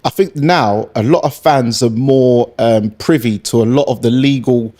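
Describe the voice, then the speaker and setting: A man, hosting a podcast and making his points in an animated, argumentative way. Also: mid-range voice, unhurried. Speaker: podcast host. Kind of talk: casual podcast chat.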